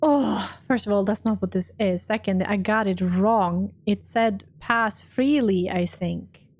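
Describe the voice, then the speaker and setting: A woman's voice: mid-range voice, measured pace. Laughing woman streamer reading game text. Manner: animated, swears and laughs at failures. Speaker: gaming streamer.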